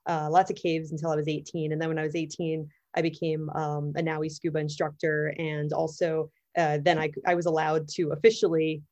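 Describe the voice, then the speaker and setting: Appearing as a guest in a casual interview, a Florida diver in her thirties who works as an underwater cameraman and technical diver talks with enthusiasm, using fillers and restarts. She has a low, darkish, level-toned voice, speaks a little fast with few pauses, and the sound is lo-fi.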